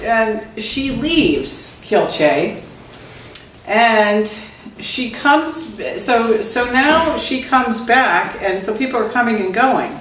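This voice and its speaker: A woman's voice: on the high side, lively intonation, takes it slowly. A middle-aged woman, a Zen teacher, telling funny anecdotes and laughing often as she talks. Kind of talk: storytelling talk. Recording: echoey room, distant mic, noisy.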